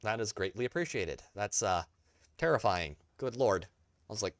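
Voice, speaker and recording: Tired, lively-voiced male game streamer. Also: fairly low pitch, moderate pace, a little hiss or hum. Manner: rambling, self-deprecating, talks to chat. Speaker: gaming streamer. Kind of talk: casual live-stream commentary.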